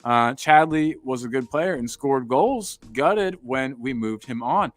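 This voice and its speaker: A man's voice: mid-range voice, lively intonation, unhurried. Rambling American guy reading comments. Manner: rambling, repeats words, upbeat. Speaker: podcast host. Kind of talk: casual chat reading live comments.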